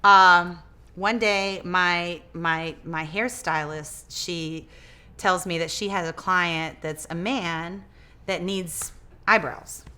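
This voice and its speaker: A woman guest in a casual interview, telling her story in a lively way, acting out quoted dialogue and often restarting her words. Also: lowish voice, slow pace, clean tone. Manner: animated, acts out quoted dialogue. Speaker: interview guest, business owner.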